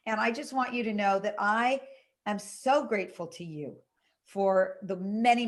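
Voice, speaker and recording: A woman who is an author, giving a grateful birthday greeting in a recorded video. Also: mid-range voice. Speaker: author friend.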